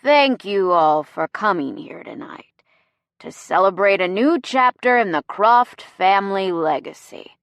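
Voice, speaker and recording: A woman's voice: medium pitch, lively intonation, no echo. A woman voicing a drunk older man who slurs his words while giving a speech in an audiobook. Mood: drunken boastful. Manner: slurred, slow, loud.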